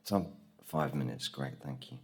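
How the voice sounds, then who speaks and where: Man, very low voice, conference speaker, animated storytelling, from England. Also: a little slow, husky, soft background music. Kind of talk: conference talk. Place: conference room.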